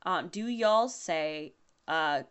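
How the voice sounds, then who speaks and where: Smooth-voiced Southern woman, relaxed. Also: deep voice, drawn-out words. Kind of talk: casual chat.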